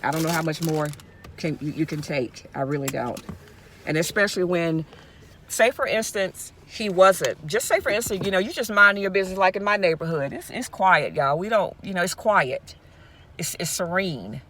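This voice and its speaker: A woman's voice: on the low side, normal speed, fairly bright tone, slight background noise. A woman from Mississippi, talking straight to her viewers in a casual vlog, impassioned and repeating herself as she goes, speaking from her car. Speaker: YouTube vlogger.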